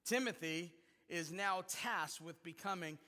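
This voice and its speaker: A man's voice: high voice, a little slow, pushed and bright. A male pastor preaching a sermon in a conversational, joking manner, with fillers and restarts. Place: church sanctuary. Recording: long reverb in a church hall.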